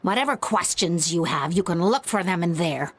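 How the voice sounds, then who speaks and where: A woman's voice: on the low side, expressive, normal speed, a bit bright, slight background noise. An actress voicing a bitter older woman in a game, speaking coldly and resentfully about a son she has disowned. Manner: cold, clipped and resentful.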